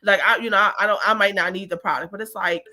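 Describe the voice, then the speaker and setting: A woman co-hosting a casual money talk, chatty and animated, telling stories with many fillers. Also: medium pitch, fast. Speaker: co-host.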